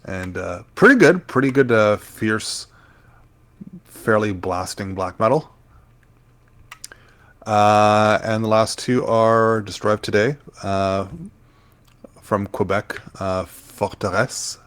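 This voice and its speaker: Man, low register, podcast co-host, casual and halting, lots of ums. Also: fairly bright tone. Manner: halting, many fillers while recalling names. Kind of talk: casual chat.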